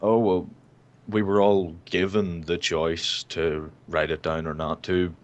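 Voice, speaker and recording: A man's voice: low-pitched, little pitch movement, slow, dull audio. A nineteen-year-old man co-hosting a casual online chat, ranting and swearing freely. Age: young adult, 19. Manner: profane, ranting. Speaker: co-host.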